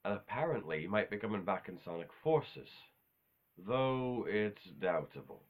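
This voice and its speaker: A man's voice: on the low side, expressive, normal speed. A man talking in a casual, unscripted monologue, rambling offhand with self-corrections and casual swearing. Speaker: video host ranking game villains.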